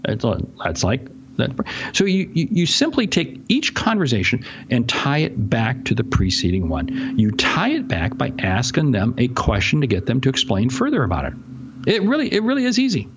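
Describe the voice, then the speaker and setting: A man speaking as a sales expert guest in a podcast interview, ranting in an animated way and often interrupting himself. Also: mid-range voice, moderate pace, lo-fi sound, a little hiss or hum.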